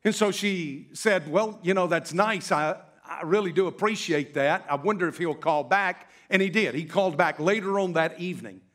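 A middle-aged male pastor telling a story in a sermon, slowing down and drawing out key words for emphasis. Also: high-pitched, fairly bright tone.

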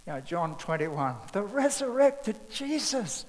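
A man's voice: high-pitched, big pitch swings, unhurried, few pauses, big-room sound, rough recording. A man preaching a sermon in a loose, conversational way, acting out bits of scripture dialogue.

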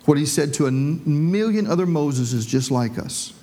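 A man's voice: a little high, animated, normal speed, warm tone. A man preaching a sermon as pastor, telling the story in a conversational way with folksy asides.

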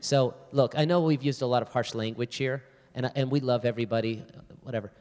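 A man's voice: medium pitch, brisk. A male pastor speaks to a live audience in a church hall, his voice sitting in the middle range. He tells stories with energy and acts out both sides of a conversation. The long reverb of the hall hangs behind every line. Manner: animated storyteller, acts out both sides of a dialogue. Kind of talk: church talk with storytelling.

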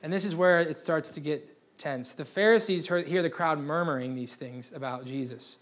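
Guy preaching sunday church, jokey and loose, voice a bit on the high side. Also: normal speed. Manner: casual, joking, restarts often. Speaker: pastor. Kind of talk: sermon. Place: church gathering.

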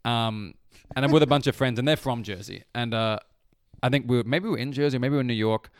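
A man's voice: mid-range voice, quick pace, smooth, dry recording, studio quality. A young Australian man telling funny stories in a casual chat, acting out the voices of the people in them. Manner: animated storyteller who acts out quotes. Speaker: guest.

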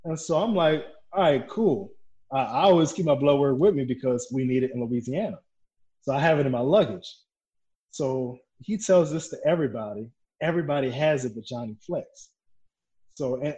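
Speaking a little fast in a voice on the high side, this man is a pro wrestler guesting on a casual interview. He tells backstage stories animatedly, laughing and cursing along the way.

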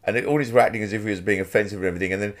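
Man, comedian, lowish voice, easygoing chat. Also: rapid-fire. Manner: easygoing, agreeable, lots of "yeah". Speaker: stand-up comedian. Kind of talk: casual chat between comedians.

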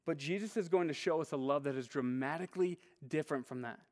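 A man's voice: fairly high pitch, quick pace, a little mellow. A man preaching a sermon in a casual, conversational way, often saying "like". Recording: long hall reverb.

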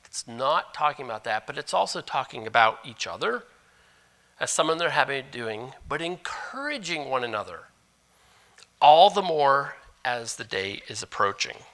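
Male pastor, sermon, lively pitch, bright ringing voice, loud stresses and quiet asides. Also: moderate pace. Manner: animated preaching, switching between loud emphasis and hushed asides.

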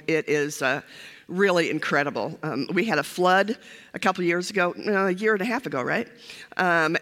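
A woman's voice: fairly low pitch, sharp tone. An older woman, a former pastor, giving a humorous sermon, chatty and self-deprecating with many fillers. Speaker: guest preacher, former pastor. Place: church sanctuary. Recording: church hall reverb.

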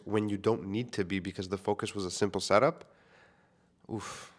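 A man's voice: lowish voice, brisk. A young man, a filmmaker, talking casually into a microphone to his listeners, candid and self-deprecating, swearing freely. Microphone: studio microphone.

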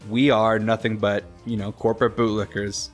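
A man's voice: fairly low pitch, level tone, normal speed, faint music behind. A man co-hosting a podcast, chatting casually, rambling with many restarts and frequent laughs. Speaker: podcast co-host. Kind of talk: casual chat.

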